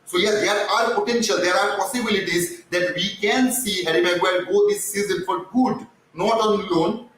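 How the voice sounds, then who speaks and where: Male host, cracked voice, rambling fan chat; high-pitched, far from mic in a very echoey room. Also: normal speed, hardly any pauses, a bit bright, slight background noise. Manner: rambling, repeats words, many fillers. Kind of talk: casual live football chat.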